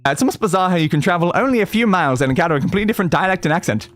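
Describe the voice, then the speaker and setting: A man's voice: sits high, animated, rapid-fire, a bit bright, no echo, soft background music. A man streaming a retro role-playing game, chatting casually and rambling with lots of fillers and restarts. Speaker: gaming streamer. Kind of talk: casual let's-play chat.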